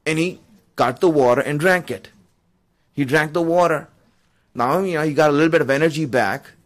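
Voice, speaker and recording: Male preacher, casual storytelling sermon, slightly high voice, chuckles and asides. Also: normal speed. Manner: conversational, fillers, chuckles while telling.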